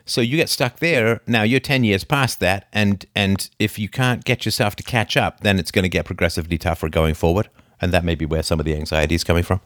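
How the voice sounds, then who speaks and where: A man's voice: low voice, steady tone, fairly quick, fairly bright tone, no echo, clean studio sound. A man hosting a call-in advice show, blunt and emphatic, swearing casually.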